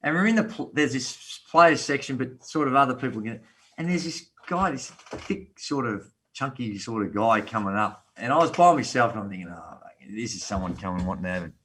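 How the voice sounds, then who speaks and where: An Australian man in his fifties, a podcast guest telling a long story in a relaxed, animated way with local slang. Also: medium pitch, normal speed, husky. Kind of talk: casual storytelling.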